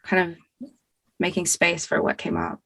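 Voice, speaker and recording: Calm, low-voiced woman clinician. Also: moderate pace, vocal fry, dry recording. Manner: calm, explanatory, gentle. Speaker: guest clinician. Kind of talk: casual panel discussion.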